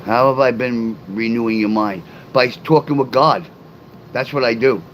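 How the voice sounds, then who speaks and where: A man's voice: medium pitch, moderate pace, fairly bright tone, slight background noise, poor audio. A middle-aged man rambling casually on a livestream, talking straight to his chat and reading their comments aloud. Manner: reads and answers live comments aloud.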